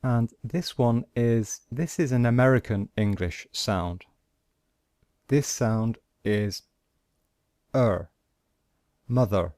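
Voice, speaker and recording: Guy teaching english sounds super slowly, lowish voice, dry close mic. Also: a little mellow, dry recording. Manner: slow and deliberate, pausing between example words. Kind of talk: slow instructional explanation.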